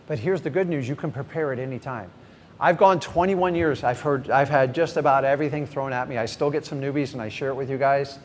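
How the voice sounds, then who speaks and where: A middle-aged man teaching a live seminar. He is energetic and direct, often questions the audience and then answers himself. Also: medium pitch, fairly quick. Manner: energetic, direct, acts out sample conversations. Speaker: real estate investing trainer. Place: large event hall with a live audience. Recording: echoey hall, faint background noise.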